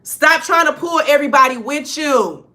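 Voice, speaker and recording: A woman's voice: high voice, lively intonation, moderate pace, bright, forceful tone. A woman giving a casual spiritual reading to her viewers, talking in a direct, emphatic, chatty way and often checking in with "okay?". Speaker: spiritual reader channeling ancestor messages.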